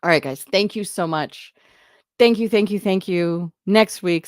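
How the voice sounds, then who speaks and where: Chatting loosely with her audience, this live stream host answers comments in a meandering way and keeps stopping to laugh. She has a mid-range voice and speaks a little slowly, with clean studio sound and no room noise.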